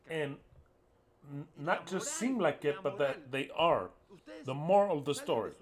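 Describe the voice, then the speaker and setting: A man on an angry, profane rant, speaking with heat and scorn. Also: on the high side. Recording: crowd audible behind.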